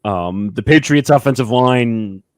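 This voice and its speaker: A man co-hosting a podcast, announcing each matchup in a drawn-out way and chatting casually about picks. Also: medium pitch, a little mellow, no echo. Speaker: podcast co-host. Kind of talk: casual sports chat.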